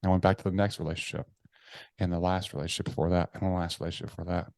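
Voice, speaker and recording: Animated, profane low-voiced man. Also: racing, creaky, no echo, clean studio sound. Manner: animated, profane, acts out his inner voices; drops low and quiet when confessing. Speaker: podcast guest. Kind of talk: candid storytelling in conversation.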